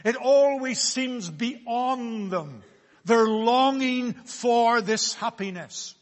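Slow, high-voiced preacher in a reverberant hall. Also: male voice. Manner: slow, deliberate preaching with solemn emphasis. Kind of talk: sermon.

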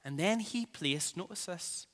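A man preaches unhurriedly in a slightly raised, bright voice. He swells and then sinks to near quiet, repeating key phrases for weight, and his words ring out with a long echo through a church hall. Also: high voice, lively intonation, measured pace. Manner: dramatic preaching, swells and drops in volume, repeats phrases for emphasis. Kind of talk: sermon.

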